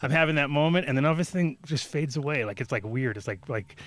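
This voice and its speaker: A man's voice: on the high side, lively intonation, fast, no echo. A man telling a long story in casual talk-show chat, rambling and swearing as he acts out what people said. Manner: rambling, profane, acts out quoted voices.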